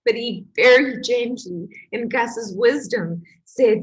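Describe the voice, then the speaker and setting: A woman who is a healing coach, telling her own story in an emotional, animated way with laughs. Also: on the high side, slow pace, few pauses, slightly rough, low-quality recording. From Portugal. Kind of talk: personal testimony to camera.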